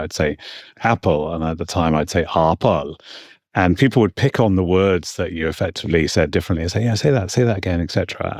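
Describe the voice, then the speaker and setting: A middle-aged man with a very low voice and a lilt, talking quickly as an interview guest. He reflects candidly and modestly, trailing off with "et cetera" asides. The sound is close and dry. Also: dry recording. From South Wales. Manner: candid, self-deprecating, with frequent "et cetera" asides. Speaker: guest, law firm managing partner.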